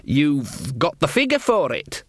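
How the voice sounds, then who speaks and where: A man's voice: high-pitched, big pitch swings, unhurried, a bit bright, dry recording, studio quality, voice pushed up, full character voice. A man voicing a nervous young boy at a castle, timid and stammering, in a comic fantasy audiobook. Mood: anxious.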